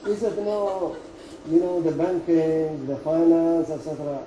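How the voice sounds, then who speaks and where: An older Emirati company chairman, Arabic-speaking at heart, tells business anecdotes in halting, chuckling non-native English at a talk in a headquarters meeting room. His voice is very dark and mellow, yet a little high. It's captured from far off in a roomy, echoey space with faint background noise.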